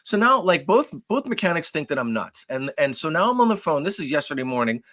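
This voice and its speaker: On a podcast, a male co-host spins a long, animated story full of cursing, acting out both sides of phone calls in casual chat. His voice is fairly high and runs a little fast.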